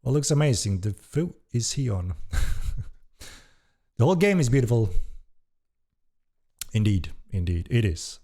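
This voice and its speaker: A man with a mid-range voice hosts a casual live-stream Q&A as a game developer, reading chat questions aloud. His speech is relaxed and hesitant, a little slow, with long pauses and casual swearing.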